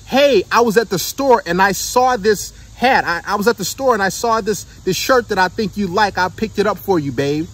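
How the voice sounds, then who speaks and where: A sweet, eager young girlfriend offering little gifts, as a man puts her on, her voice lifted a touch higher than his own and husky. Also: moderate pace, hardly any pauses, a bit bright, far from the mic.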